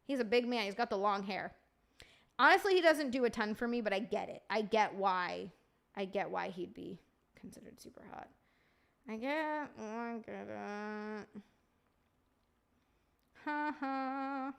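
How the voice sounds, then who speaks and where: A woman's voice: mid-range voice, moderate pace, creaky, fairly bright tone. A young woman live streamer in casual, profane, bubbly banter with her viewers.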